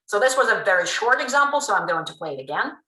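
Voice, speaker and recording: A woman giving a pre-recorded linguistics lecture, explaining in a lively way with frequent ums. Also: mid-range voice, quick pace, a little hiss or hum. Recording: roomy room sound.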